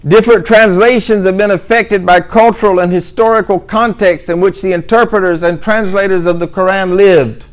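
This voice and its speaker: A middle-aged man delivers a religious lecture in a fairly high voice. He repeats key points for emphasis and slips in dry, sarcastic asides. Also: steady tone, moderate pace, few pauses, low-quality recording. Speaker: Muslim speaker giving a talk.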